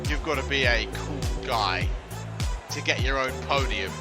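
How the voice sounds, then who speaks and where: A man giving excitable, jokey live wrestling commentary who bursts into big ring introductions. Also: mid-range voice, unhurried, loud music behind the voice, poor audio.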